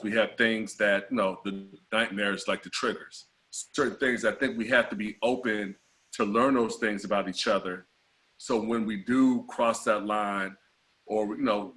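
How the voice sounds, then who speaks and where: A man with a low but bright, forceful voice speaks thoughtfully in a casual talk show conversation. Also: low-quality recording. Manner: reflective, thoughtful. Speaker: guest. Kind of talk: casual chat.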